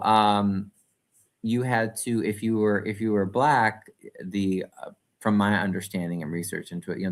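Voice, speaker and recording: Low-voiced man in earnest, rambling chat. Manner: earnest, rambling, answers viewer comments. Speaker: channel host. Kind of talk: casual live-stream commentary.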